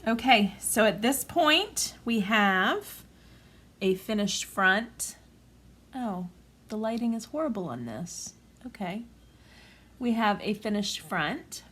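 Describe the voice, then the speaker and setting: A woman in her forties talking through a craft tutorial at home in a gentle, calm, chatty way. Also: mid-range voice, slow pace, pauses often, a little hiss or hum. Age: 40s. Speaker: craft vlogger.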